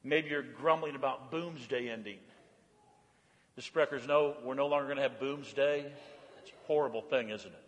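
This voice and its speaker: A male pastor preaching a sermon, animated, rising high and loud on exclamations and dropping low and quiet on reflective lines. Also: normal speed, big-room sound.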